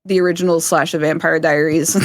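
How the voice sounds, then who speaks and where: A woman's voice: deep voice, flat delivery, a little fast, no room sound, studio quality. A woman from South Florida, a stream guest chatting casually, swearing freely and laughing often. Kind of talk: casual chat.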